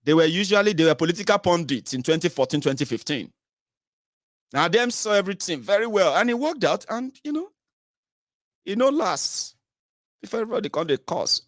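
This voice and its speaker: A man from Nigeria with a Nigerian accent, hosting a political commentary show in an animated, mocking monologue that mixes English, Pidgin and Yoruba. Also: high-pitched, a little fast, pauses often, dry recording, studio quality.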